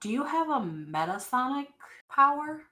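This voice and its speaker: A woman running a tabletop role-playing game as game master, narrating slowly with many fillers and restarts. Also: sits high, big pitch swings, noisy background.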